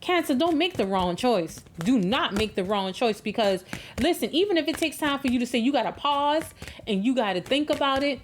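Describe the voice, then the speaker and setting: A woman's voice: high voice, lively intonation, normal speed, a little hiss or hum. A woman giving a tarot love reading in an emphatic, preachy way, repeating words for stress. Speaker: tarot reader.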